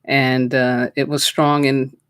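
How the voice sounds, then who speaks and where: A woman's voice: rumbling low, level tone, smooth, no room sound. Reflective woman host, dry close sound. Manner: slow, reflective, heartfelt. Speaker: host and spiritual teacher. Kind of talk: personal storytelling and prayer.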